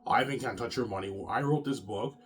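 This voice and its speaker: A man's voice: mid-range voice, fairly quick, a bit bright. A man talking straight to his viewers in a rambling, repetitive rant, often swearing and circling back to the same points. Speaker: self-published author and vlogger.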